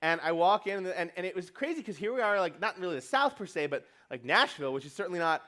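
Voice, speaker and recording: A man's voice: high voice, lively intonation, bright, forceful tone. A man giving a comedic keynote to a conference audience, brash and profane, acting out quotes as he goes. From New York. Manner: fast, brash, joking, profane, acts out quotes. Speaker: keynote speaker.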